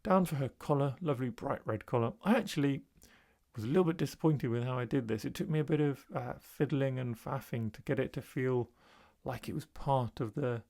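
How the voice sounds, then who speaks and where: A man, an art tutor, narrating his own painting process in a relaxed, thinking-aloud voice-over. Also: mid-range voice, brisk, vocal fry.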